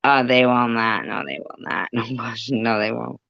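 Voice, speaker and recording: A woman's voice: extremely low pitch, expressive, normal speed, vocal fry, dry recording, highs cut off. A woman ranting profanely and confrontationally on a phone livestream, rambling and chatting with her viewers. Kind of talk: livestream rant.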